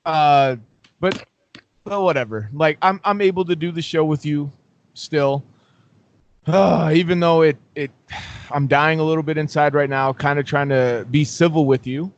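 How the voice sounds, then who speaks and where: A man's voice: a little high, normal speed, dull audio. A man co-hosting a casual talk show, playing mock-angry and swearing at his partner. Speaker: podcast co-host. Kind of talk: casual chat.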